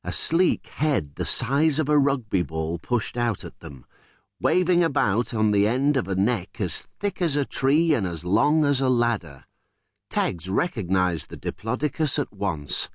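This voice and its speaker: Male audiobook narrator, unhurried, very expressive, dry close studio sound. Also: fairly low pitch, dry recording. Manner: expressive, storytelling. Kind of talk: scripted children's audiobook narration.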